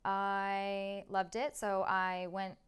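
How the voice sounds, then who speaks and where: A woman in her twenties, appearing as a podcast guest, chats casually in an interview, using lots of "like" and "um." Her medium-pitched voice is smooth, completely flat in delivery, and extremely slow.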